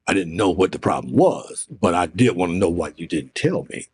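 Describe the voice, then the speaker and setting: An older man telling a story in an interview, animated and profane, acting out what others said. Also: deep voice, fairly quick, slightly rough. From Oregon, US. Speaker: interview guest.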